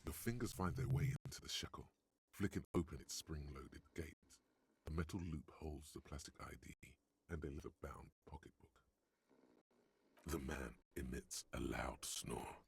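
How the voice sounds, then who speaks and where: Speaking at normal speed in a full character voice, a man narrates a game in the second person, describing the action with a dry, wry wit. His voice is very deep, gravelly and husky.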